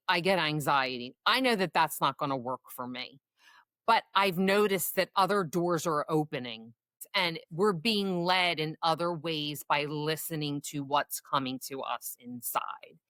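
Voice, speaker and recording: A woman's voice: low-pitched, animated, moderate pace, a bit bright, no room sound. A woman in her forties co-hosting a casual podcast as a coach, giving earnest, encouraging advice. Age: 40s.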